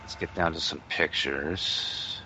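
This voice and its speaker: In a casual radio interview, the male host gives quick reactions and muses aloud while he clicks around a website. He has a rumbling low voice with a steady, sharp tone and a slow pace. The sound is dull and lo-fi, with faint hiss in the background.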